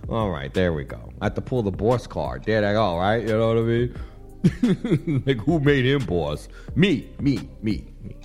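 A man's voice: lowish voice, big pitch swings, a little slow, a little mellow, soft background music. A man hosting a radio talk show, chatting casually and playfully, laughing often and rambling through asides.

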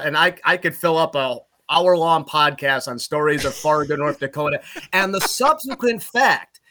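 In a high voice, this middle-aged man from Utica in upstate New York shares road stories on a casual podcast. He works as a play-by-play broadcaster, and he's animated, turning loud whenever a punchline lands.

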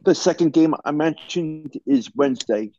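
A man giving sports betting picks in a measured, deliberate way, over a dull lo-fi remote line. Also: on the high side, a crowd in the background.

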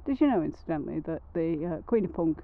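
A woman's voice: sits low, animated, fast. A woman co-hosting a podcast, chatting in a rambling, wry, self-mocking way while sitting on a rock outdoors in the hills. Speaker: podcast co-host. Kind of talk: casual outdoor podcast chat. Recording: narrow phone-like sound with faint noise.

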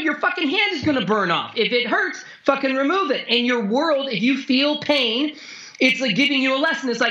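A man coaching a guest in conversation, blunt and heavy on swearing, telling stories intensely with sudden jumps in pitch. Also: lively intonation, moderate pace, pushed and bright, highs cut off.

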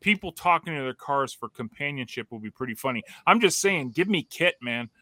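A man's voice: mid-range voice, expressive, brisk, bright, forceful tone, no echo. A man hosting a podcast from home, reading viewer questions in a laid-back, easygoing way. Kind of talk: casual chat.

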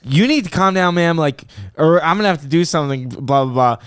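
A man's voice: on the high side, lively intonation, a little fast, clean tone, no echo, clean studio sound, close to an everyday voice. Man quoting a curt female flight attendant.

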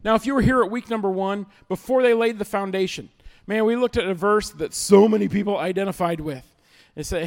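A man's voice: high voice, fairly quick, vocal fry, few pauses. A man preaching a sermon as pastor, emphatic, repeating key lines and acting out little everyday scenes.

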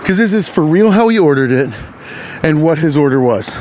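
A young man on a city street rants into his podcast about a stranger. His voice sits a little high and leaps around with lively swings. He is casual, profane and animated. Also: normal speed, a little hiss or hum. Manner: animated, profane, riffs on his own story. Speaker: podcast host. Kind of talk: casual storytelling rant.

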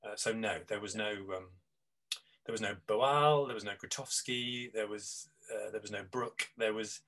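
A middle-aged man, an improv teacher appearing as an interview guest, talks reflectively and rambles with frequent restarts and fillers. His voice is fairly low and a bit bright at a moderate pace, in a low-quality recording.

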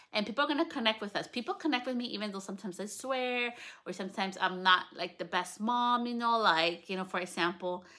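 Bright-voiced, excitable woman podcaster. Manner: candid and excitable, swears freely, pitch jumps up when excited. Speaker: podcast host. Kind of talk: casual solo podcast monologue. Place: lounge at home.

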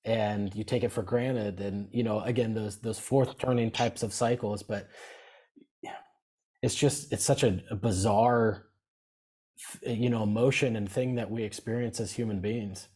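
A man hosting a podcast, thinking aloud in a halting, reflective way with many restarts. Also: on the low side, fairly even intonation, warm tone, breathy edge. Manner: halting and reflective, restarts his sentences often. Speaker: podcast host. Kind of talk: casual podcast chat.

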